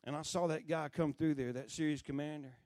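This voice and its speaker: A middle-aged man preaching, telling a story with lively acted-out voices. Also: on the high side, brisk, no room sound. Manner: animated storyteller who acts out quoted voices. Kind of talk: sermon storytelling.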